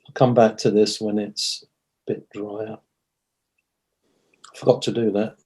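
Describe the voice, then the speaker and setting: A man's voice: on the low side, level tone, measured pace, darkish tone. A man teaching watercolour painting in a live demonstration, thinking aloud as he works, correcting himself mid-sentence and joking at his own expense. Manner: chatty, thinks aloud while working; self-deprecating humour.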